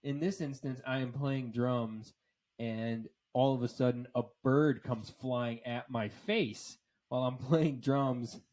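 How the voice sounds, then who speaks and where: A man's voice: medium pitch, steady tone, slow pace, darkish tone. A man co-hosting a podcast, telling rambling stories full of fillers and swearing, and laughing often. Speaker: podcast co-host. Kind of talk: casual chat.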